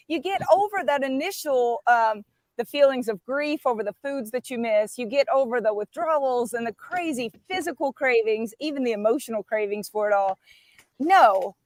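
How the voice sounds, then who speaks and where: A woman's voice: fairly high pitch, expressive, moderate pace, no room sound. A middle-aged woman, talking with emphatic enthusiasm as a guest on a live stream. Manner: fired up and emphatic. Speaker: guest speaker.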